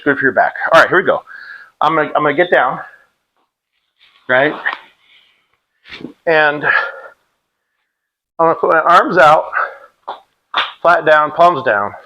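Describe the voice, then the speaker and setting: A man's voice: on the high side, sharp tone, dull audio. A middle-aged man leading a workout drill in a casual, joking way, calling out cadence counts with a clip-on mic. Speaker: fitness instructor. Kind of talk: demonstrating an exercise drill.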